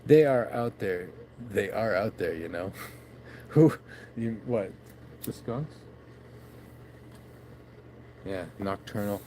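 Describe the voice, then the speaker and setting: A man's voice: on the low side, lively intonation, slow pace, dark tone, a little hiss or hum. A man vlogging by his backyard shed late at night into his phone, rambling casually, swearing and laughing at himself.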